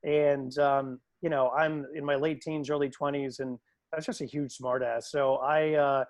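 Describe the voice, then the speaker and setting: A man who works as a PA announcer, telling stories in a lively, casual way on a video call. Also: medium pitch, moderate pace, no echo. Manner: animated, acts out quoted voices.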